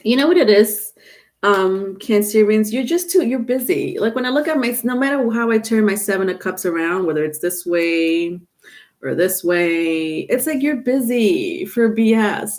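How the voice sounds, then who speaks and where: A woman's voice: mid-range voice, expressive, normal speed, darkish tone. A woman doing a live-stream tarot reading, chatty and loose, laughing often and trailing off with fillers and restarts. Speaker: tarot reader.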